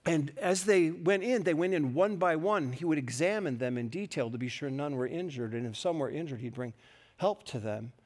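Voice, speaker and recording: A man's voice: a little high, normal speed, a little mellow. A middle-aged man preaching a sermon, earnest and storytelling, with touches of self-deprecating humor. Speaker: pastor.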